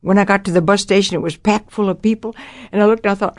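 A woman's voice: fairly low pitch, steady tone, quick pace, no room sound, clean studio sound. Older lady giving her testimony, storyteller style, acts out all the voices. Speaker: speaker giving a Christian testimony.

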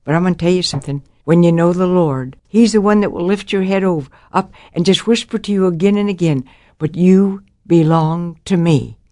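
A woman's voice: on the low side, fast, few pauses, dark tone, no room sound. An older woman giving a Christian testimony about her life, telling it dramatically and acting out the voices of the people in her story.

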